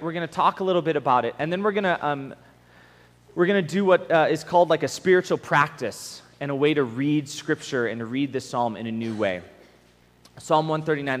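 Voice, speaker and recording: A young man's somewhat high voice rings through a large camp hall with a long trailing reverb. He preaches in a casual, earnest way, talking through ideas and checking in with his listeners. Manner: earnest, acts out prayers in quoted voices, asks the room "right?". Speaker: camp speaker. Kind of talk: casual conversational sermon.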